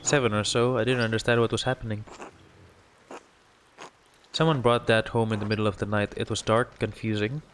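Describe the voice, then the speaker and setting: A man voicing a young woman who cares for her aging father, reading her lines earnestly in his own low voice. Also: steady tone, fairly quick, long pauses, slight background noise, close to an everyday voice.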